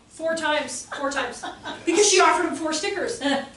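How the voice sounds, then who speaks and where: A woman educator telling classroom stories to an audience, animated and acting out children's voices. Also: high voice, normal speed. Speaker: educator giving a talk. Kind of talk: storytelling presentation to an audience. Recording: echoey room, far from the mic, faint noise.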